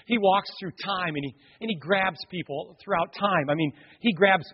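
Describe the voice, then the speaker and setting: A man preaching with animated storytelling, slipping into acted voices and bursts of shouting. His voice sits a bit high and husky. The recording is dull and lo-fi, with a long echo from a large hall. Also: normal speed. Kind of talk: sermon. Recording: echoey hall, dull lo-fi sound.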